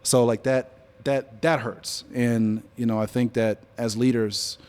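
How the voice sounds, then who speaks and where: Unhurried and clear, a business leader in his forties speaks in a medium-pitched, resonant voice during an on-stage interview before a live audience at an event venue. He tells stories conversationally and relaxedly, growing animated as he quotes other people.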